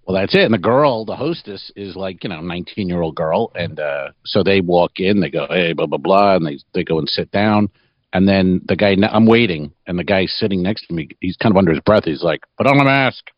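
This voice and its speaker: A man's voice: deep voice, a little fast, dry recording, highs cut off. A man hosting a comedy podcast, telling rambling crude stories and laughing often. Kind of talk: casual comedic storytelling.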